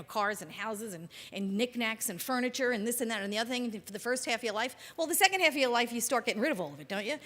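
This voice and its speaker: A woman minister preaches in a loose, chatty style and keeps checking in with her listeners. Her voice sits fairly high for a woman. A long hall reverb trails behind every phrase. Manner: conversational and animated, asks the congregation questions. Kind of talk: sermon.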